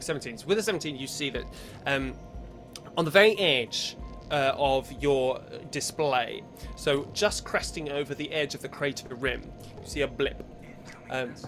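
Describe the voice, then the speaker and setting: A man running a tabletop game as game master, narrating scenes in a measured way with fillers. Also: medium pitch. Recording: background music bed.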